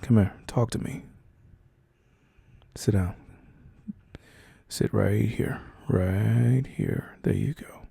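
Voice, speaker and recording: A young man with a very dark, husky, low voice whispers in a role-play, comforting the listener as their boyfriend. He speaks slowly, gently and reassuringly, pausing often with soft, hesitant fillers. The recording is dry and close, with no room sound.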